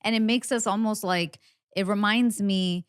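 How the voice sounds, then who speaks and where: A woman hosting a podcast, chatting casually in a lively, frank way, with fillers and casual swearing. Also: medium pitch, moderate pace, smooth, dry recording, clean studio sound. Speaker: podcast host.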